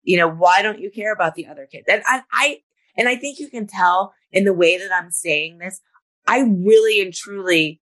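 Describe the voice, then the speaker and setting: A woman's voice: medium pitch, normal speed, fairly bright tone. A middle-aged woman co-hosting a podcast, recapping episodes step by step in a casual chat with frequent "you know" fillers. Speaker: podcast co-host.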